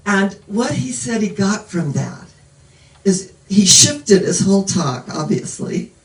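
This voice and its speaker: Woman in her 70s preaching, rambly storyteller, sounds far off in an echoey room. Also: mid-range voice. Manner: meandering storytelling. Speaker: minister. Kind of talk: sermon.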